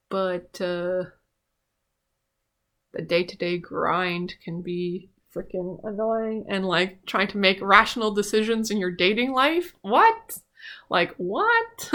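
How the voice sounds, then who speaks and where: Woman, vlogger, casual monologue, rambling, profane, bright voice. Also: lowish voice. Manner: rambling, profane, many "like" fillers.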